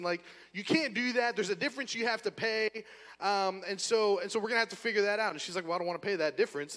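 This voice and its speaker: A man with a high voice preaches to a congregation, telling a story with animated, acted-out energy. His voice rings with the long reverb of a large church hall. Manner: animated storyteller, acting out scenes with a volunteer. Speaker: pastor. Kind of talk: sermon with storytelling. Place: church auditorium.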